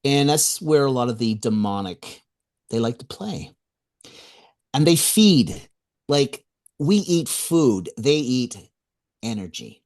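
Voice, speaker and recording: A man speaking as a guest on a radio interview, telling his story. His mid-pitched voice swings widely up and down, and he acts out the voices of the people he quotes. He chuckles now and then between his remarks. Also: animated, takes it slowly, pauses often, a little mellow. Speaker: author and guest.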